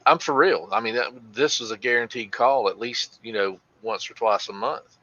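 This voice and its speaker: A man's voice: lowish voice, steady tone, moderate pace, bright, forceful tone. A man who was a police officer, on a casual podcast, telling blunt stories with mild cursing. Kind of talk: casual chat. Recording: slightly dull, lo-fi sound.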